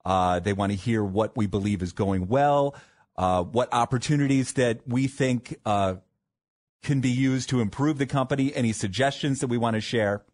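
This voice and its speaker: A man's voice: mid-range voice, normal speed, a little mellow. Man hosting a radio morning show. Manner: joking, rambling asides. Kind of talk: casual radio banter. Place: radio studio.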